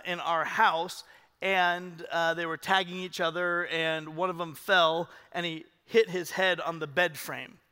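A male pastor preaching a sermon with passion, moving from hushed to loud as he tells a story. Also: on the high side, long reverb tail. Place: large church hall with a loft.

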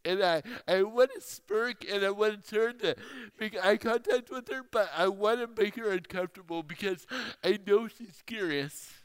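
A man preaching a sermon, telling a personal story slowly and with emphasis. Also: high-pitched, clean tone. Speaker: speaker. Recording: reverberant hall.

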